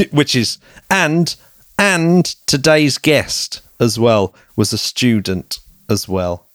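A man co-hosting a podcast in casual chat, chatty and quick to laugh. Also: mid-range voice, sing-song, fairly bright tone, no room sound, clean studio sound. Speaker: podcast co-host.

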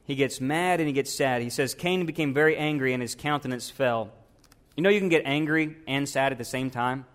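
A man's voice: medium pitch, a little fast. A man, a pastor, preaching a sermon and asking his congregation questions.

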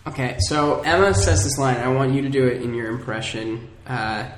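A man's voice: mid-range voice, fairly even intonation, normal speed. A young adult man co-hosting a podcast in casual chat, with wry, joking banter. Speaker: podcast co-host. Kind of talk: casual chat about a TV show. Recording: echoey room with faint noise.

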